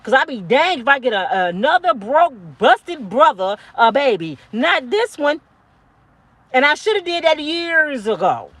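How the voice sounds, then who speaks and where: Blunt, high-voiced woman in her fifties. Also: very animated, measured pace, dry recording. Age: 50s. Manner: blunt, preachy, profane, yelling at times. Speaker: motivational vlogger. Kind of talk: impassioned monologue to camera.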